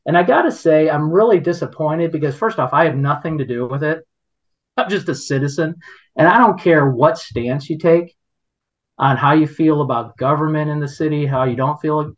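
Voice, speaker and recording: A man's voice: a little high, normal speed, highs cut off. A man hosting a podcast, telling a story in casual chat, indignant and rambling with many restarts. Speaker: podcast host.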